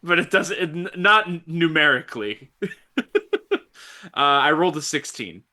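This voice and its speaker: A man's voice: on the high side, expressive, normal speed, pushed and bright. A man casually playing a tabletop role-playing game, joking as he describes his moves. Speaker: player.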